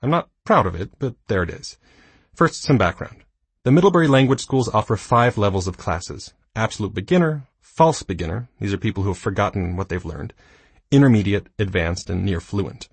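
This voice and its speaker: A man in his thirties reading his own nonfiction book aloud, with dry, self-mocking humor and a slightly husky voice. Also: lowish voice, expressive, normal speed, no echo. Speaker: audiobook narrator. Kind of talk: scripted nonfiction narration.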